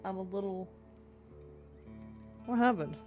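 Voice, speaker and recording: A woman's voice: mid-range voice, takes it slowly, a little mellow, dull audio, faint music behind. A young woman streaming a game, chatting playfully and rambling about her progress. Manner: chatty, playful, self-described yapper. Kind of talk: casual let's-play chat.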